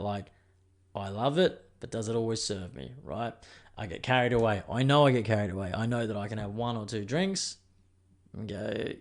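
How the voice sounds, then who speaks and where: Australian man, mid-pitched voice, solo podcast host; loose, profane, self-mocking ramble into a studio mic. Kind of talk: casual solo podcast chat.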